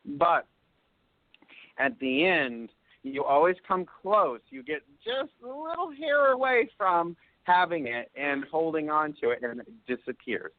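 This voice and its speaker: Here the call-in psychic host sounds a little high and very animated, with no room sound. He still offers soothing readings in long, drawn-out statements, dropping "okay?" again and again, all over a dry phone line.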